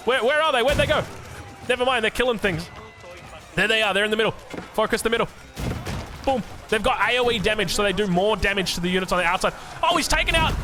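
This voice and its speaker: An Australian man giving energetic, jokey commentary on a strategy game match. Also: sits high. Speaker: game caster. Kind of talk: excited esports commentary.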